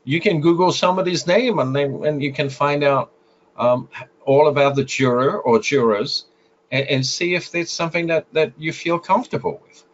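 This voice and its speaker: A man's voice: a little high, normal speed, slight background noise. A man with a French accent, a guest photographer giving advice in an interview, explaining with frequent filler sounds and restarts. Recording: slightly muffled lo-fi audio.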